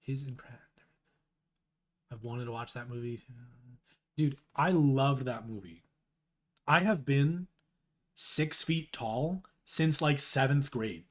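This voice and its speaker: A man's voice: mid-range voice, takes it slowly, pauses often. A young man chatting casually on a live stream, rambling and self-deprecating, with frequent restarts. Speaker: streamer reading a webcomic aloud.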